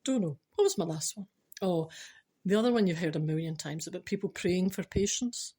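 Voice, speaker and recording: Husky-voiced Scottish woman, chatty. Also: lowish voice, normal speed, mellow. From Scotland. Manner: chatty, giggly, asides to the viewer. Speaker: vlogger telling funny stories. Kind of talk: casual storytelling.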